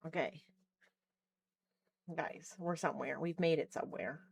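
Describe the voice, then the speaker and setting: A young woman chatting casually on a live stream from her bedroom, excitable, swearing and trailing off mid-sentence. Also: low voice, a little slow, gravelly, breathy edge, no echo. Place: home bedroom.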